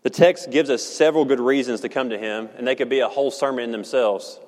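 A man preaching a sermon in a church, earnest and measured, slowing down to stress key words. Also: mid-range voice, darkish tone. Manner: earnest, measured, slows for emphasis. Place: church sanctuary. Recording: long hall reverb.

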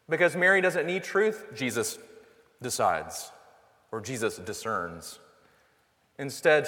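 A man with a mid-range, slightly bright voice delivers a sermon in an earnest, conversational style packed with rhetorical questions. A long hall reverb surrounds his words.

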